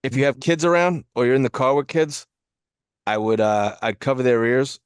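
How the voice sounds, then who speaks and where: A man's voice: medium pitch, normal speed, clean tone, no echo, clean studio sound. A man co-hosting a podcast, chatting casually and teasing the others with joking interjections. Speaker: podcast co-host. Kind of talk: casual chat.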